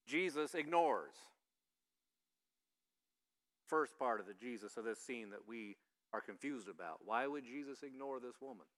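A man with a fairly high, bright, ringing voice delivers a sermon as pastor. He keeps it conversational and keeps questioning the congregation. He acts out the people he quotes with loud shouts. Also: clear, resonant tone.

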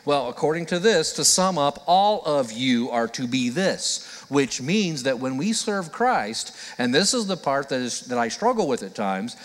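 A male pastor delivers an earnest, conversational sermon at a middle pitch. He slips into the voices of the people he quotes to act them out. His voice carries a long reverb from a large church hall. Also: big pitch swings, measured pace, hardly any pauses.

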